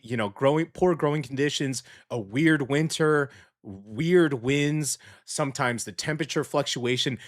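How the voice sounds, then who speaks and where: A man's voice: mid-range voice, a bit bright. A man hosting a local radio show, chatting loosely through news with many fillers and restarts. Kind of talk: casual news chat. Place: small radio studio. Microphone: studio mic.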